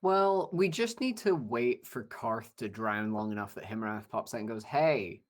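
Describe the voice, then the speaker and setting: A man's voice: fairly low pitch, normal speed. A man chatting playfully during an online tabletop game session, telling jokes and spinning silly scenes. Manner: playful storytelling, acts out funny voices. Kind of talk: casual chat among players.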